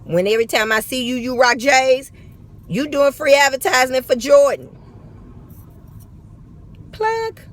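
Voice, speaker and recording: A woman with a St. Louis accent speaks to her followers in a fairly high voice. She is blunt and profane, and she drives each point home by repeating it. She records herself on her phone for a vlog. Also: normal speed. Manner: blunt, profane, emphatic and repetitive. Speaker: vlogger. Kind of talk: motivational straight-talk vlog.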